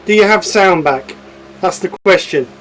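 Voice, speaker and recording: A man with a high-pitched voice hosts a casual craft livestream. He chats with viewers in an easygoing, self-deprecating way and thinks out loud as he works through technical problems. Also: moderate pace, faint music behind, rough recording. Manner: chatty, self-deprecating, troubleshooting aloud. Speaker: woodturning livestream host.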